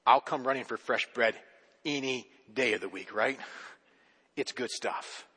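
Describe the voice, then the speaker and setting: A man's voice: mid-range voice, unhurried, sharp tone, slightly rough, long reverb tail. A male pastor giving a conversational sermon, often repeating and restarting his words.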